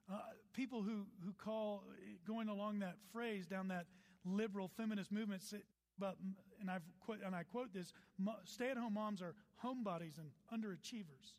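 Animated high-voiced male preacher in a hall. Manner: animated preaching with asides and quotes. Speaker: pastor. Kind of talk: sermon.

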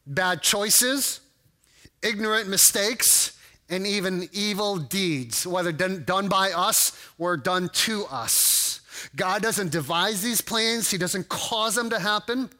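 Male pastor, sermon, high voice, halting conversational delivery. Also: bright, forceful tone. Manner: conversational, many fillers and restarts.

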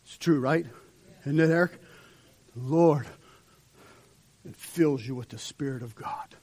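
In a church sanctuary, a male pastor delivers an impassioned sermon, acting out dramatic quotes as he builds toward an altar call. His voice is fairly high, his pace slow, and his tone somewhat dark.

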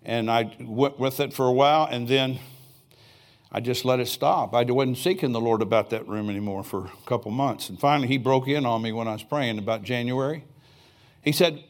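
In a church sanctuary, an older man preaches a sermon, telling folksy stories sprinkled with chuckling asides. His medium-pitched voice moves a little fast.

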